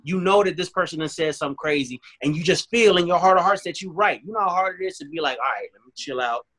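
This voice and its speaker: A man speaks with earnest, animated conviction, slipping into other voices to replay both sides of an argument. His tone is bright and forward and sits a bit high for a man. He sounds like a guest on a remote call. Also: quick pace. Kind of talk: candid interview talk.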